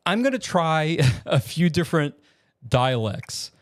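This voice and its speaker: A man's voice: a little high, sing-song, measured pace. A man from Virginia talking casually in his home studio as a vlogger, rambling with lots of fillers and restarts. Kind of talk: casual vlog.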